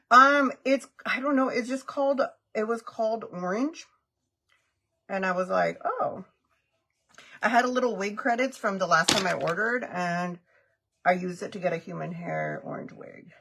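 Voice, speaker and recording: On a makeup livestream, a middle-aged woman chats casually, giggling, greeting viewers by name, and mixing Spanish phrases into her English. Her medium-pitched voice is sing-song, pushed and bright, with vocal fry at a moderate pace.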